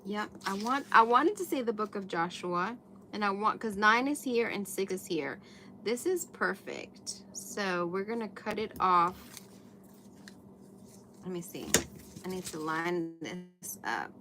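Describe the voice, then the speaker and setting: A chatty woman hosts a craft livestream in a bright, crisp voice at a middling pitch. She greets viewers as she works at her table. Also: animated, unhurried, a little hiss or hum. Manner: chatty, greets viewers while working with paper. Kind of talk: casual livestream chat while crafting. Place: indoors at a craft table under bright lights.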